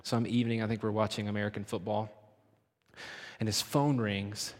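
Emphatic preacher in a reverberant hall. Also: male voice, fairly low pitch, little pitch movement. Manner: emphatic, swinging from loud urging to hushed, slowed phrases. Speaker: pastor. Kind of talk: sermon.

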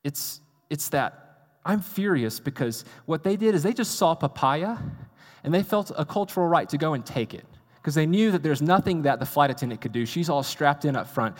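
Moderately paced and expressive, this man's voice sits on the high side as he delivers a sermon in a conversational style. The U.S. pastor asks his audience rhetorical questions and mocks himself in asides, with long reverb from a large hall.

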